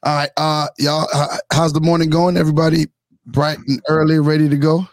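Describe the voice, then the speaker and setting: A man hosting a casual morning show podcast, energetic and sing-song as he hypes up his co-hosts. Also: on the high side, a little fast, no room sound.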